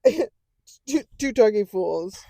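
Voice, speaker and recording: A woman's voice: mid-range voice, big pitch swings, slow, creaky, mellow, no echo, studio quality. A woman co-hosting a podcast in casual chat, joking and teasing with frequent laughter. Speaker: podcast co-host. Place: podcast studio.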